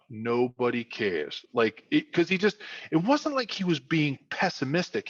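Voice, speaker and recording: A man's voice: mid-range voice, breathy edge, no room sound, dull audio. A man in his fifties from South Philadelphia with a Philadelphia accent, telling stories as an interview guest with many restarts and repeats. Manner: animated storyteller, frequent restarts and repetitions. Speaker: guest, former football player. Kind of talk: casual chat.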